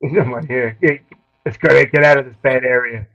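A man in his fifties, a guest bass player, chatting with dry, understated humor. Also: fairly quick, dry recording, muffled recording. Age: 50s. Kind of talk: casual interview chat.

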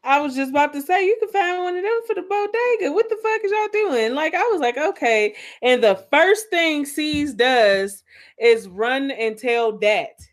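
A woman's voice: high voice, lively intonation, moderate pace. A woman co-hosting a casual recap podcast, commenting bluntly and profanely. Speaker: podcast co-host. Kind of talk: casual reality-TV recap chat.

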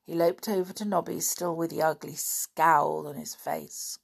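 Slow, low-voiced woman storyteller. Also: steady tone, vocal fry, slightly rough. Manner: gentle, unhurried. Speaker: storyteller, podcast host. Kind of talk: children's story reading.

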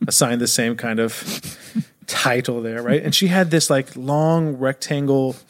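A man telling a story on a podcast as a guest, animated, laughing often and swearing. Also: mid-range voice, unhurried. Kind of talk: casual storytelling.

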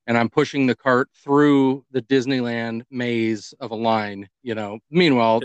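This medium-pitched male voice, recorded with no room sound, belongs to a podcast co-host. He's chatting casually and spinning a story, lively as he plays each character in it.

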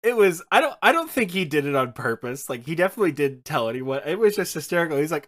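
Animated storytelling male podcast co-host. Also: a little high, a little fast, few pauses. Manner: animated storytelling, swearing, laughing. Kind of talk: casual chat about a video game.

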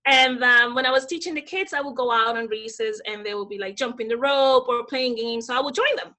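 Bright high-voiced hyper woman. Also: normal speed. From Dominican Republic. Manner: hyper, animated, acts out quoted voices. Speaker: guest. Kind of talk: casual interview storytelling.

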